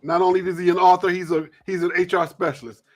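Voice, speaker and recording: A man hosts a loose, live sports talk show. His voice sits a little high. He rambles, restarts and fills pauses with uh. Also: little pitch movement.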